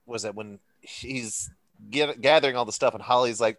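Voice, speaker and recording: A man's voice: medium pitch, moderate pace, a bit bright, no room sound. A man with a mid-range voice talks casually and swears freely about his favorite characters in a film. The sound is close and dry, with no room around it. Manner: laid-back, swearing, laughs at himself. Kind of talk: casual chat, movie review.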